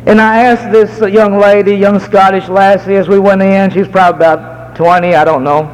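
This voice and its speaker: A middle-aged American man preaching a sermon, telling folksy stories and slowing down to stress key words. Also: sits high, flat delivery, clear, resonant tone, big-room sound, low-quality recording. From United States.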